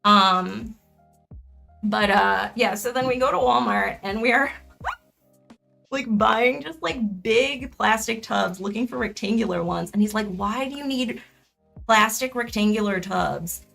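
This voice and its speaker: A young woman chatting casually while she crafts on a live stream, her voice full of gravelly vocal fry. She rambles, loses her words and corrects herself, often breaking into laughs. Faint music plays behind her. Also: fairly high pitch, a little slow, a bit bright.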